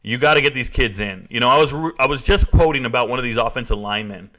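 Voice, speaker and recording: A man's voice: medium pitch, fast. A man in his forties hosting a sports live stream, talking casually and answering chat. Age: 40s. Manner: animated, reads and answers chat.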